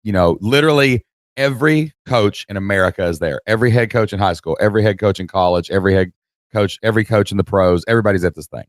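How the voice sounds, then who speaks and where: Telling a story during casual podcast chat, a male co-host animatedly performs the characters' voices and laughs along the way. He speaks quickly in a lowish voice, and the studio sound is clean with no echo.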